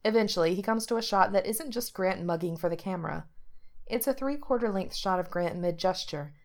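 A woman's voice: medium pitch, fairly quick. A woman reading a story aloud as narrator, shifting her voice slightly for the characters' lines. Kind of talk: audiobook reading of fiction.

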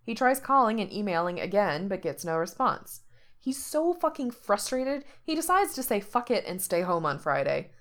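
A woman reading fiction aloud as narrator, with steady storytelling and lively rises in pitch. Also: moderate pace.

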